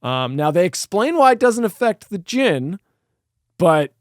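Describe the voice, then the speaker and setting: A man's voice: high-pitched, sing-song, moderate pace, no echo, clean studio sound. A man co-hosting a podcast, casually recapping and ranting about a film, profane and sarcastic. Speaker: podcast co-host. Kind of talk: casual movie review chat.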